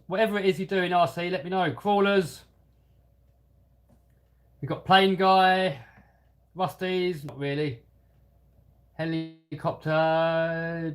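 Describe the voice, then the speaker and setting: A man with a light London-area English accent, chatting casually and self-deprecatingly as he hosts a live stream and answers viewer comments. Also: high voice. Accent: London-area English, lightly Cockney. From England. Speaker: host of a hobby channel live stream.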